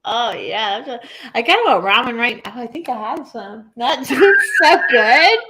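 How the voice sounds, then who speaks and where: A young woman co-hosting a podcast, telling stories in casual, animated chat full of swearing. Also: a little high, normal speed, slight background noise. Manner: animated, profane, storytelling. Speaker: podcast co-host.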